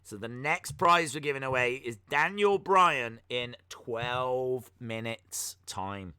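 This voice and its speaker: A man's voice: mid-range voice, slow, bright, forceful tone, clear, resonant tone, dry recording, clean studio sound. A man hosting a wrestling podcast live stream, chatting casually and mocking himself, with lots of ums and uhs. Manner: chatty and self-mocking, with many filler words.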